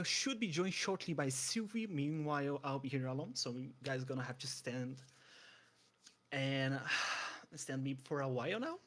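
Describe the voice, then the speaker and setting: A young man commentating a live speedrun, eager and stumbling over restarts with quick chuckles. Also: mid-range voice, fairly bright tone.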